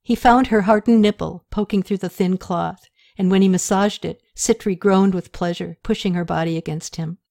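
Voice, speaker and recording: A woman narrating an audiobook in a steady, even reading manner. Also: medium pitch, moderate pace, gravelly, dry recording, clean studio sound.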